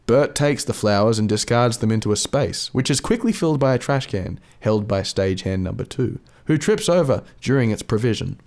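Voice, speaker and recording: A man with an Australian accent reading comedic script narration in a dry, deadpan way as a podcast host. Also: medium pitch, normal speed, hardly any pauses.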